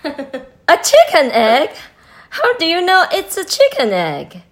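A woman with as her voicing an eager young female frog, bright and exclaiming in a storybook reading. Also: high-pitched, wildly swooping pitch, slow pace, voice pushed up, full character voice. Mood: excited.

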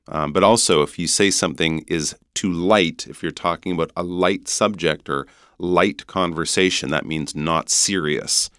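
A man's voice: sits low, moderate pace, hardly any pauses, fairly bright tone, clean tone, no room sound, studio quality. A man with a Canadian accent, a guest teacher patiently explaining English pronunciation on a podcast lesson.

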